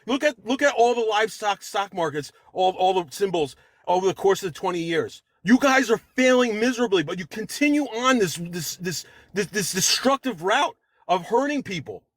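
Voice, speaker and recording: A man with a notably high voice argues hard in an online debate. He rambles from point to point, gets worked up and curses. The sound is dry and close. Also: animated, moderate pace, fairly bright tone, no echo. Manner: rambling, agitated, swears. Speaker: debate caller.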